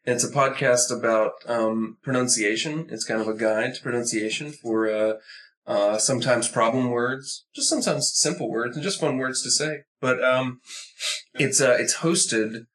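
A man's voice: medium pitch, steady tone, normal speed, fairly bright tone, low-quality recording. A man co-hosting a comedy podcast, talking in a sheepish, rambling way. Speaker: podcast co-host. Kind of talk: comedy banter.

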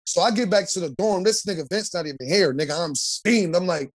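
A man's voice: high voice, quick pace. A young man co-hosting a podcast, telling profane, slang-heavy stories in a casual chat. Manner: loud, profane storytelling with lots of slang. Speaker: podcast co-host.

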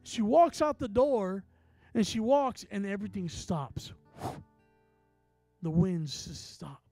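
A man preaching a sermon and telling a story in an animated way, acting out each person in it. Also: high voice, takes it slowly, soft background music. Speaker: apostle, preacher.

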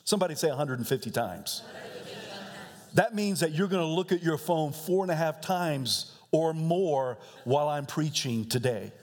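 A man's voice: a little high, moderate pace, few pauses, a little mellow. A male pastor preaching a sermon in a church, talking in a loose, conversational way and often laughing between his points. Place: church sanctuary. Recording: reverberant church hall.

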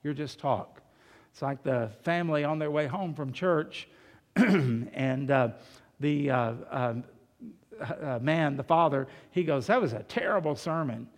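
In a large hall with long reverb, a male pastor of medium pitch preaches slowly, chatting his way through the sermon with rhetorical questions and amusing anecdotes.

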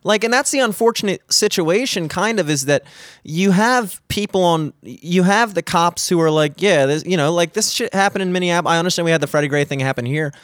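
A young man in casual chat, telling a profane, animated story and mimicking the people in it. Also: high-pitched, a little fast, no room sound, clean studio sound.

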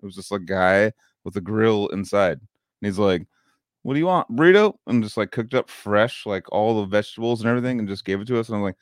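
A man's voice: fairly low pitch, fairly even intonation, fairly quick, no room sound, studio quality. A man hosting a podcast, telling stories in a rambling, casual way with plenty of swearing. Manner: rambling storyteller, swears a lot. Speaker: podcast host. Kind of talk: casual chat.

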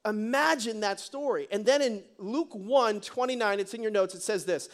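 High-voiced, animated male preacher. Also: normal speed, hardly any pauses. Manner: animated, joking, conversational preaching. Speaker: pastor. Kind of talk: sermon.

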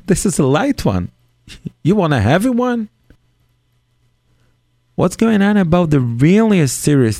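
Gravelly rabbi teaching in slow earnest English. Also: male voice, fairly high pitch, a little mellow, no echo, clean studio sound. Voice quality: non-native English grammar. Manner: earnest, acts out parent and child in dialogue. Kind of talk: Torah lecture on parenting.

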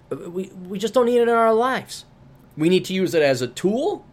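A man's voice: sits high, very animated, normal speed. Ranting, scornful male podcast host. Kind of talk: opinionated solo podcast monologue.

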